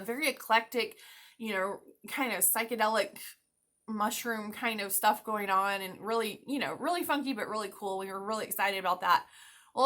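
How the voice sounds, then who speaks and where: A woman realtor chatting casually to camera in an update video, animated and full of fillers and little laughs. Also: medium pitch. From Florida, US. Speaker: realtor giving a market update.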